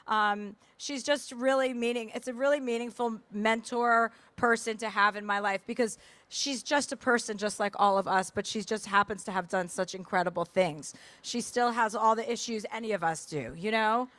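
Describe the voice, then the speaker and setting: Woman, author guest, higher pitch, dry close sound, candid, rambling, lots of fillers. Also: a bit bright, dry recording. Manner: fast, candid, many fillers and restarts. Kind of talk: onstage conversation. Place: festival stage.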